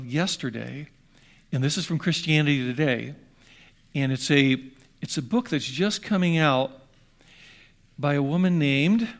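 An older man delivers a sermon in a loose, conversational way. He drifts through anecdotes with frequent restarts and asides. His voice sits slightly high for a man. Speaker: pastor.

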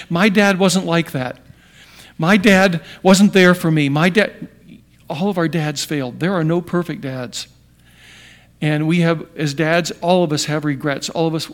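A middle-aged man delivers a sermon in a slightly high voice. He pushes key lines out loudly, then drops to a quiet hush. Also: a little slow. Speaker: pastor.

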